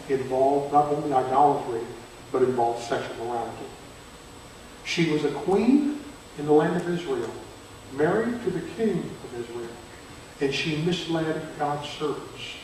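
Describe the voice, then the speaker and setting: An older man teaching a Bible seminar at a church, chatty, quizzing his listeners and turning loud and emphatic. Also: on the high side, animated, moderate pace. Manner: conversational, asks the audience questions, grows loud and emphatic. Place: church hall. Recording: very echoey hall from far off, faint noise.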